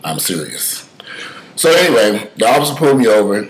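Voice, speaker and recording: A man with a somewhat low voice talking casually, mixing stories with opinion. He gets animated and emphatic, swings from loud bursts to low mutters, and curses freely along the way. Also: a little fast, low-quality recording. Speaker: commentator. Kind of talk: casual spoken commentary with storytelling.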